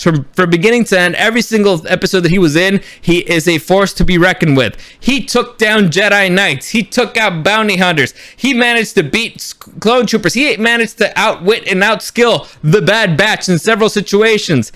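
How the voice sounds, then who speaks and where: A man with a high voice and a sharp, bright tone reviews a show in a casual, excited monologue. He swears freely and slips into quick paraphrased dialogue to act out what happens on screen. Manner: animated fan enthusiasm.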